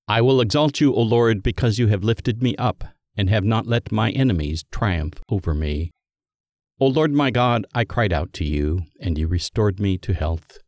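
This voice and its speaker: A man giving a scripted liturgical Bible reading in a measured, solemn manner that lifts for quoted speech. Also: lowish voice, a little mellow, dry recording, studio quality. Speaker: scripture reader.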